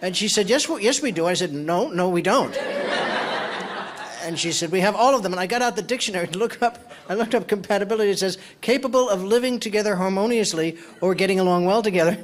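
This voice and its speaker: A man doing deliberate, deadpan stand-up comedy about marriage. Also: sits high. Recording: loud crowd and room noise.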